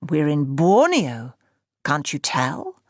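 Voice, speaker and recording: Brief: woman playing a playful uncle, velvety slow drawl, low and unhurried, dry close read. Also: wildly swooping pitch, darkish tone, no room sound, full character voice. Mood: dreamy. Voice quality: smooth, velvety conductor's drawl. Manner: slow, theatrical storytelling. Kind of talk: audiobook character voice.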